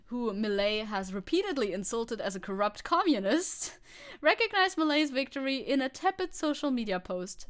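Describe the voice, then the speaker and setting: A woman's voice: on the high side, animated, normal speed, fairly bright tone. A woman streamer from Germany, reading the news aloud and reacting in a giggly, sarcastic way, swearing freely. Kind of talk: casual reaction commentary.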